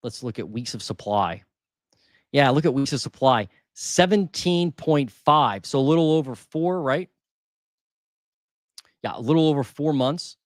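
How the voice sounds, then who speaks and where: In an unhurried, expressive delivery with long pauses, a man of medium pitch talks through market figures for his housing market channel. There's no room sound, and the quality is studio-grade. It's casual live commentary, with him thinking aloud and repeating numbers.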